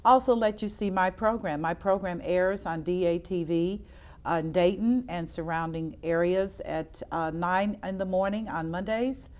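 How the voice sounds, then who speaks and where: An older woman with a lowish voice hosts a community TV talk show. She speaks earnestly and encouragingly, and she often repeats herself to drive a point home. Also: normal speed, darkish tone. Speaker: host. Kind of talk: public-access talk show.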